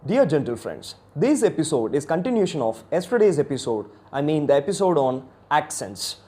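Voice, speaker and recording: A man's voice: a little high, very animated, moderate pace, warm tone, soft background music. A man from India with an Indian English accent, hosting an educational video on accents in an earnest way and often correcting himself. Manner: earnest, repetitive, self-correcting with "I mean". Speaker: English communication teacher and host.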